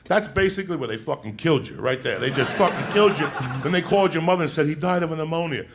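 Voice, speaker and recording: A man's voice: on the high side, expressive, quick pace, background noise. A man telling a rowdy childhood story on stage as a stand-up comedian, swearing and laughing as he goes.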